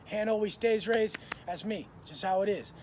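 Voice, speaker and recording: A man's voice: sits high, normal speed, darkish tone, a little hiss or hum. A man in his thirties telling prison stories in a blunt, profane, slang-heavy way. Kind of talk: casual storytelling to camera.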